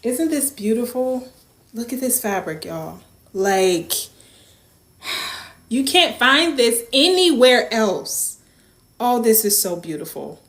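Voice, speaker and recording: A woman who runs a small business, chatting casually in an unboxing vlog and gushing over each piece, often dropping to a soft whisper. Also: on the high side, big pitch swings, slow pace, long pauses. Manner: gushing, repeats herself, drops into soft whispers. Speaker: small business owner and vlogger. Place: room at home. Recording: echoey room with faint noise.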